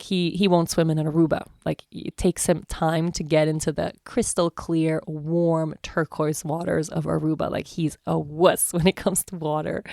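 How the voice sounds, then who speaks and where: A woman in her thirties chatting casually on a vlog, telling a warm family story in a gushing way full of "like" and "I mean". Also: low voice, creaky, dry recording, studio quality. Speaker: vlogger.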